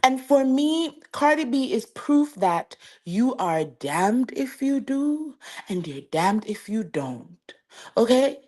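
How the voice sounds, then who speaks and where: Slow-talking woman gossip host. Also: on the high side. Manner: chatty, animated, addresses viewers as y'all. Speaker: host of a celebrity gossip show. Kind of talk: casual commentary to camera.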